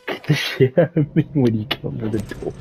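A man's voice: medium pitch, moderate pace, vocal fry, slight background noise, poor audio. A young man commenting on a horror game as he plays, swearing a lot and yelping when something startles him. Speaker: gameplay streamer. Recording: game music loud behind voice.

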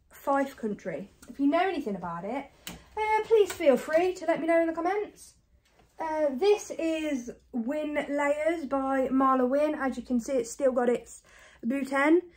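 A woman from the UK chatting casually to camera about her thrift finds, fast and self-deprecating, a bit out of breath. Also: sits high, lively intonation, darkish tone. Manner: chatty and self-deprecating, talks fast with many ums and likes. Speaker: reseller vlogger. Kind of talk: casual haul chat to camera.

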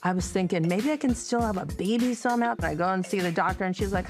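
A woman's voice: mid-range voice, fast talker, hardly any pauses, soft background music. A woman in her fifties, a cast member on a reality show, talking in a chatty, playful way and laughing often in casual chat and confessional asides.

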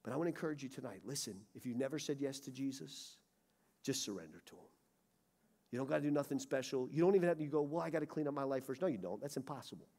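A middle-aged man preaching a sermon, swinging from loud urgency to hushed pleading. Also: mid-range voice, lively intonation, quick pace. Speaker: pastor. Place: church sanctuary.

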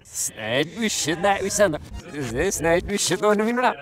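A man in excited gaming chatter, firing off quick shouty callouts while he plays. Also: high-pitched.

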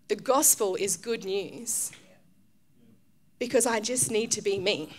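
Speaking at normal speed from a church stage, this Australian woman pastor gives a relaxed, chatty sermon peppered with fillers and restarts. When she voices characters in her stories, she bursts out loud and high.

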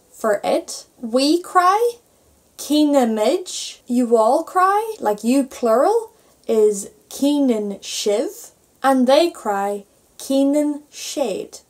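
A young woman with an Irish accent explains grammar at an unhurried, careful pace, in a fairly high voice. She spells things out letter by letter like a patient teacher. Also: a little mellow. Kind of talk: online grammar lesson.

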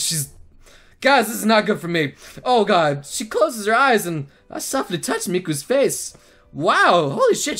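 A man giving excitable let's play commentary, laughing and swearing through his reactions. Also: high voice. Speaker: gaming channel host.

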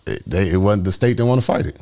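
A man speaks in a very low voice. He is a guest telling a long, rambling story. He drops into street slang and acts it out with sound effects. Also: expressive, quick pace, a little mellow. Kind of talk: storytelling interview.

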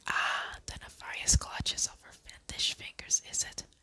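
A reader voicing a gruff, patronizing male policeman in a whispered role-play. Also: measured pace, bright, forceful tone. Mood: soothing. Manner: condescending, soothing.

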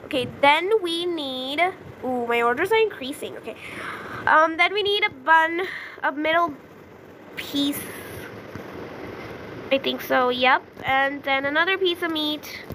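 A young woman chatting through a video game as she plays it, easily flustered, with gasps and excited outbursts. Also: high-pitched, a little slow, long pauses, slight background noise, rough recording. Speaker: gaming YouTuber. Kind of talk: casual gameplay commentary.

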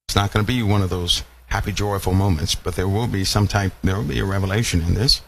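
Low-voiced man preaching a sermon. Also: fairly even intonation, fast, creaky, few pauses, a little hiss or hum. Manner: rhetorical questions to the congregation, repeating phrases.

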